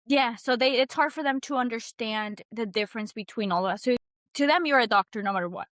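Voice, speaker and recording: A woman's voice: a little high, fast, no echo, studio quality. A young woman from Mexico, a guest telling her story in earnest, casual talk, full of restarts. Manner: earnest, animated, with frequent restarts and "like".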